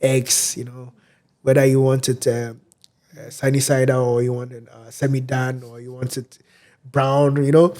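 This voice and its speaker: A man from Ghana, a guest in a casual interview, explaining things unhurriedly with many fillers and pauses. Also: medium pitch, level tone, mellow.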